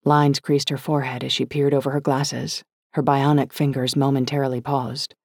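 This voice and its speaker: A woman's voice: rumbling low, little pitch movement, normal speed, creaky, few pauses, a little mellow, no echo. A woman narrating a first-person audiobook with wry, dry humour.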